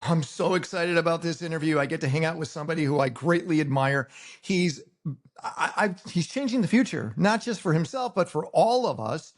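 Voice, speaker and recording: A man's voice: fairly high pitch, brisk. Eager male interview host. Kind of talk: conversational interview.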